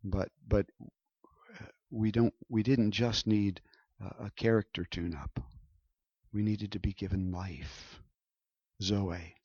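A man's voice: lowish voice, fairly even intonation, slow pace, long pauses, darkish tone, breathy edge, dry recording, highs cut off. A man preaching a sermon in a conversational way, often checking in with his listeners. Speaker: pastor.

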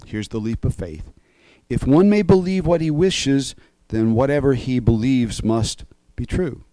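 A man preaching in a warm, mellow voice, laying out his argument point by point and pressing each one home. He keeps checking in with his listeners as he goes. The recording is close and dry, with no room sound. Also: mid-range voice, unhurried, dry recording. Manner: emphatic, reasoning step by step, often checks in with "okay?". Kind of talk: sermon-style teaching.

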